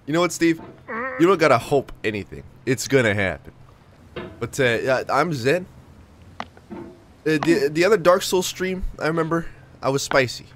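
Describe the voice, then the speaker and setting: A man's voice: a little high, lively intonation, moderate pace, pauses often, fairly bright tone, a little hiss or hum. A man streaming a game, giving sarcastic, self-mocking commentary full of swearing and banter with his chat. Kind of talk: live gameplay commentary.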